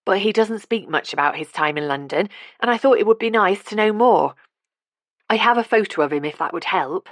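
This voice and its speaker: A woman's voice: mid-range voice, expressive, a little fast, no room sound, clean studio sound, close to an everyday voice. Woman reading a polite young man.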